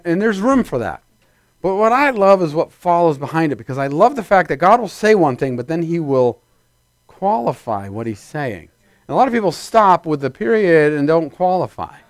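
A man preaches a sermon to his congregation in a loose, conversational style. He slips into playful put-on voices to act out little scenes. His voice sits a little high for a man and sounds dry and close to the mic. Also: no echo. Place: church before a congregation.

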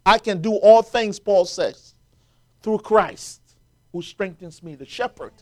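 A man's voice: high voice, takes it slowly, darkish tone. A man preaching a sermon, quoting scripture and building to emphatic, rising peaks as the congregation answers.

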